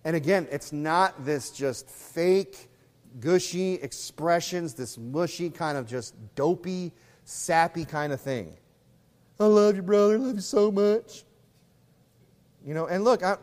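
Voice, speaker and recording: A pastor delivering a conversational sermon, acting out little scenes in other voices. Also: male voice, fairly high pitch, in a large hall.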